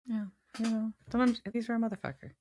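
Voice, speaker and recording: A woman's voice: fairly high pitch, flat delivery, fast talker, a little mellow. A woman co-hosting a podcast, loosely recapping a TV episode with casual swearing. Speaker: podcast co-host.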